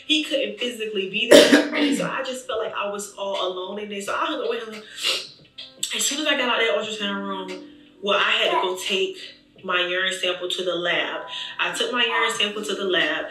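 A woman vlogger telling an emotional story in an animated, chatty way, talking straight to her viewers. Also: medium pitch, fairly quick, soft background music. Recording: echoey room, distant mic.

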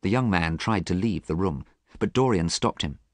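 Man, low voice, lively intonation, storybook narration, careful measured reading, dry close sound. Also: dry recording. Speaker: audiobook narrator.

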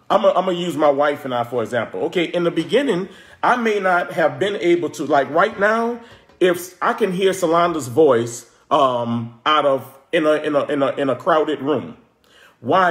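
A man's voice: on the high side, reverberant. A man giving informal Bible teaching, talking conversationally, often restarting words and checking in with "okay?". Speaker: preacher.

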